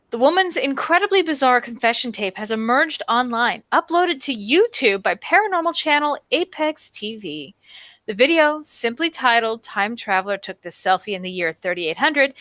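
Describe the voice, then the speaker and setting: Bright, dry-voiced woman reading news. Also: fairly high pitch, no room sound. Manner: wry, deadpan asides. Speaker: stream co-host reading news. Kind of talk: reading a news article aloud with asides.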